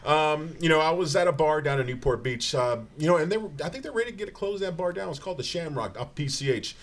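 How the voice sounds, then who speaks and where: A man telling rambling, animated comic stories on stage as a guest, stumbling over his words and laughing as he goes. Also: on the high side, quick pace. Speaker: guest comedian. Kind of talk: live comedic storytelling.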